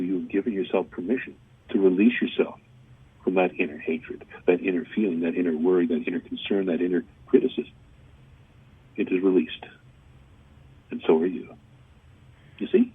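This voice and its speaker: Deep husky man on a phone line. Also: brisk, long pauses, dry recording. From Canada. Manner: calm, coaching, speaks directly to listeners. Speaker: guest channeller. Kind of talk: gentle spiritual advice on a radio interview. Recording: dry phone-line audio.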